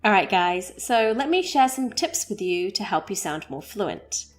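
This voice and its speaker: A woman teaching an English expression, speaking clearly and modelling phrases slowly for learners to repeat. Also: medium pitch, sing-song, faint music behind. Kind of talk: scripted English lesson.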